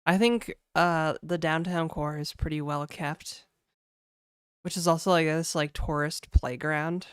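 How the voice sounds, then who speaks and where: Slow, smooth-voiced laid-back woman streamer. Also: low voice, fairly even intonation, no room sound, clean studio sound. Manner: laid-back, chatty, full of "like" and "dude", laughing often. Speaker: game developer streamer. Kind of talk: casual livestream chat.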